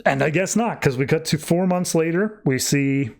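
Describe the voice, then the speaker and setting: A man's voice: on the high side, normal speed, vocal fry, a little mellow. A man hosting a podcast who casually retells a comic book plot in a loose, chatty way, with lots of filler words. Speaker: podcast host.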